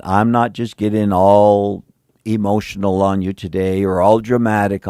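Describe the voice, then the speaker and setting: A male pastor preaching a conversational sermon, mixing slang with Bible reading and swinging between emphatic and hushed delivery. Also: on the low side, flat delivery, a little slow, clear, resonant tone, no echo, studio quality.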